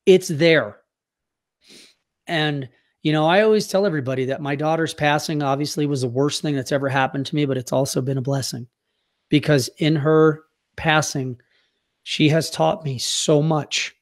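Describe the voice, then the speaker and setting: A man's voice: fairly high pitch, fairly even intonation, normal speed. A middle-aged man from the United States telling a heartfelt personal story as a podcast guest, earnest and at times choked up. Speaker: youth hockey coach.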